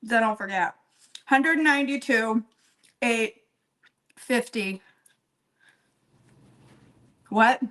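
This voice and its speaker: A woman's voice: fairly high pitch, drawn-out words, pauses often, a bit bright, low-quality recording. A woman with a slightly raised voice chats her way through a baking session, rambling and poking fun at herself. She talks straight to her viewers by name and laughs often. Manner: rambling, self-deprecating, chatty while working. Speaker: home baker. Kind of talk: casual live-stream baking chat.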